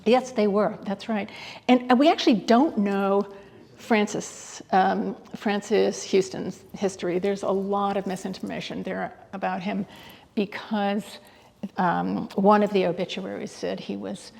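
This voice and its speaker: In an exhibit hall interview, a woman curator talks with eager hesitation, often restarting and saying "um". Her gravelly, breathy voice is medium-pitched, darkish, and fairly even in intonation, with a long reverb behind it.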